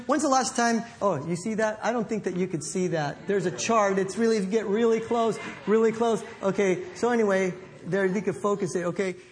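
A man preaching a sermon in an animated, playful way, acting out little quotes as he goes. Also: high voice. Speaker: pastor.

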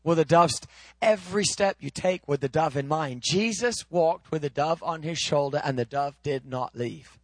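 A male preacher with a high-pitched voice delivers his sermon, rising into loud, ringing proclamations and then dropping to soft, close teaching. The sound is dry and close, with no room around it. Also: normal speed, no room sound. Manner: swings from loud, high proclaiming to low, quiet, intimate teaching.

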